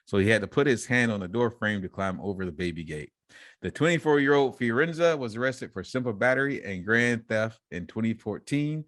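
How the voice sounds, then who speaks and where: Low-voiced man reading news on a podcast. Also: animated, a little fast, fairly bright tone, no room sound, studio quality. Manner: reads headlines, then riffs and laughs between lines. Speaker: podcast co-host. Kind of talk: casual podcast chat, reading news stories aloud.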